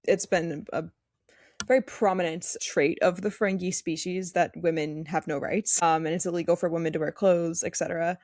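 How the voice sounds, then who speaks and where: A woman's voice: on the low side, fairly even intonation, moderate pace, darkish tone, dry recording. A young woman in college, co-hosting a podcast in casual chat and talking in an emphatic, fired-up way. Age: young adult. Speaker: podcast co-host.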